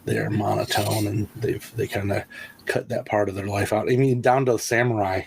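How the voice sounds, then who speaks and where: A man's voice: on the low side, lively intonation, moderate pace, vocal fry, background noise. A man co-hosting a casual podcast chat, giving blunt, opinionated takes. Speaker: podcast co-host.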